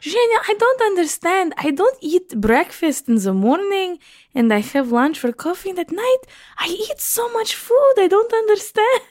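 A woman's voice: extremely high pitch, big pitch swings, moderate pace, a little mellow, pitched above the performer's own voice. A woman doing her fussy, insistent mother. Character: performer's fussy mother who insists she's not hungry.

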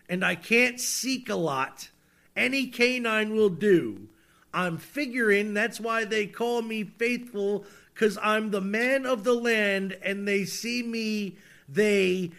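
A man's voice: sits high, gravelly, bright, forceful tone. A man co-hosting a podcast, reading song lyrics aloud in a jokey, mock-dramatic way. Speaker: podcast co-host.

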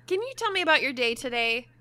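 Animated, swearing young woman telling a story. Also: very high voice, no room sound. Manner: animated, swears a lot, laughs often. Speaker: podcast co-host. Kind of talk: casual chat, storytelling.

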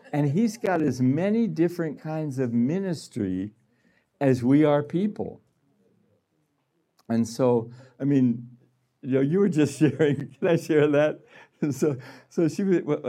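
A man's voice: medium pitch, lively intonation, a little slow, warm tone. A man giving a conversational sermon to a gathering, laughing often and acting out little voices. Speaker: healing room director speaking.

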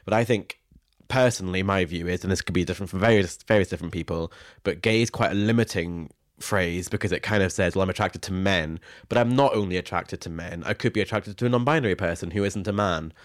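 Low-voiced man chatting on a podcast. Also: quick pace. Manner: chatty, reads listener questions, laughs often. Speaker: podcast co-host. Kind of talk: casual chat.

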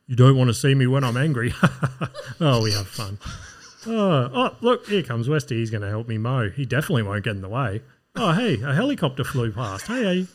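A man's voice: medium pitch, sing-song, a little fast, close to an everyday voice. Cheesy smug lawn-mowing influencer, Australian accent, mock-upbeat vlog patter, parody voice-over, done by a man.

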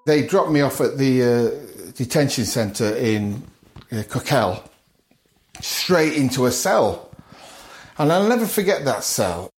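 A man's voice: medium pitch, expressive, measured pace, a little hiss or hum. Guy, middle-aged, telling his story on a podcast, does everyone's lines, lots of chuckles, echoey room. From north of England. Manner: vivid retelling, acts out other people's lines and chuckles often. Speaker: guest. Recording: roomy echo.

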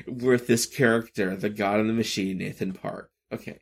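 In his thirties, this podcast host rambles through a casual monologue in a low, gravelly, steady-toned voice. He halts and interrupts himself often, and he shifts between bursts of high energy and quieter, subdued stretches.

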